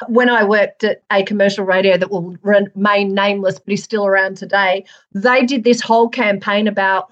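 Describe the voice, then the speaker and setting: An Australian woman, an author and former radio DJ, chatting in an interview and telling lively stories. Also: mid-range voice, moderate pace, dull audio. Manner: lively storyteller, laughs through anecdotes. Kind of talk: casual interview chat.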